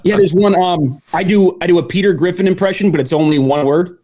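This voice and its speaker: A man's voice: high-pitched, brisk, mellow. A man co-hosting a podcast in a playful, mock-earnest, joking chat. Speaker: podcast co-host.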